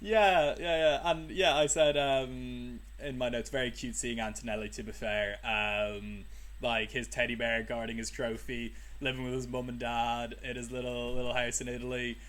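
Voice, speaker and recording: A man's voice: mid-range voice, fairly even intonation, moderate pace, a bit bright. A young man co-hosting a podcast, thinking aloud in a casual, rambling way with frequent ums. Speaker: podcast co-host. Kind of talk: casual chat.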